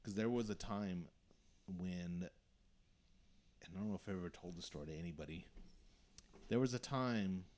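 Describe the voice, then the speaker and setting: A young man chats on a podcast in a lowish voice. He tells his stories casually, with an animated delivery and plenty of swearing. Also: moderate pace, pauses often, slight background noise. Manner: swears a lot, animated storytelling. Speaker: podcast host.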